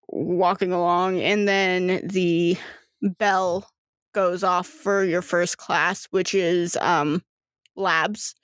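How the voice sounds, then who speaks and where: A woman's voice: fairly low pitch, a bit bright, no echo, studio quality. A young woman narrating a tabletop game as game master, rambling and padding her descriptions with "like" and "um". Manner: rambling, filler-heavy description with frequent "like" and "um".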